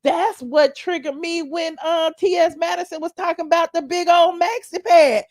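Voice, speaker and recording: A woman hosting a casual livestream, chatting to viewers in a sassy, animated, digressive way. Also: very high voice, moderate pace, few pauses, dry recording, clean studio sound. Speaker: livestream commentary host. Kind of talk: casual commentary reading viewer chat.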